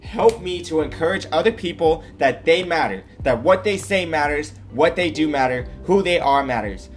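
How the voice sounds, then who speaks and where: A man's voice: on the high side, animated, normal speed, soft background music. Earnest man hosting a solo podcast. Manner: earnest, repeats himself, tags lines with "right?" and "okay?". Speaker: podcast host. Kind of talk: solo personal podcast monologue.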